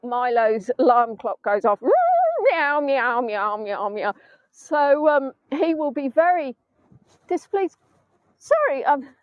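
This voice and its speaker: This chatty middle-aged English tour guide is outdoors among sand dunes by the sea, talking casually on a live stream, teasing herself and slipping into bits of song. Her voice sits high with no echo, and the phone audio is dull and dry.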